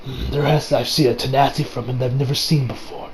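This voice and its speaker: A man voicing a calm, menacing adult male killer, muttering low and hushed as he schemes. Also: fast talker, noisy background, close to an everyday voice. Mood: scheming.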